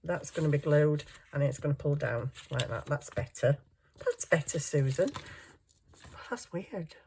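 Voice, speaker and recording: Woman, low register, chatty self-mocking craft vlogger thinking aloud at her desk. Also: expressive, measured pace, darkish tone, a little hiss or hum. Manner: chuckles often while working. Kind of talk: casual crafting chat.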